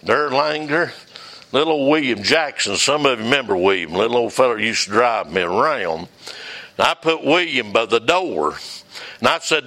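A man's voice: mid-range voice, animated, moderate pace, pushed and bright. A man, a revival preacher telling a folksy story from the pulpit and calling on listeners by name.

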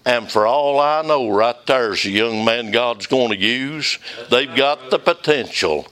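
Older man, preacher, fervent folksy sermon, bright ringing tone. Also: mid-range voice, measured pace. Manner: fervent, folksy, calls out congregation members by name.

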